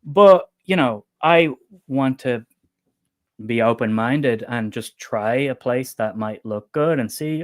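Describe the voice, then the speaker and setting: This is an Irish man with a Dublin accent, chatting casually on a livestream. He tells stories in a lively way, laughs often and drops the odd swear word. His voice sits in an ordinary middle pitch. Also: measured pace. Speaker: book channel co-host.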